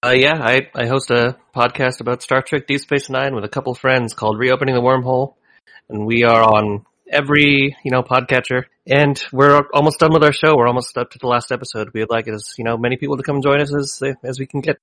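A man's voice: mid-range voice, fairly even intonation, a little fast, a bit bright, dry recording, low-quality recording. A man appearing as a guest on a podcast, chatting in an easygoing way. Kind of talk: casual podcast chat.

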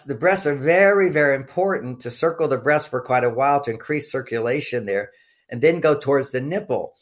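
Older man explaining in rambling fashion. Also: medium pitch. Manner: rambling, with frequent fillers and restarts; explanatory, coaching tone. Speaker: guest expert on relationships. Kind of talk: casual interview talk.

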